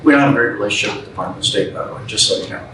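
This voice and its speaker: This guest speaker's voice sits on the low side and moves rapid-fire, with background noise and echo from a room where he stands far from the mic. Addressing a club audience, he tells his story in a homespun, straightforward manner, acting out what people said.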